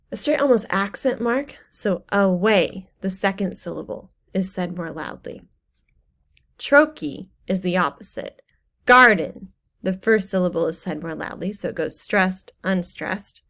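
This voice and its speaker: Woman instructor, relaxed explanatory lecture voice-over, casual with fillers, mid pitch. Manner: explanatory, casual teaching with fillers and self-corrections. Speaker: online course instructor. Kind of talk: recorded lecture narration.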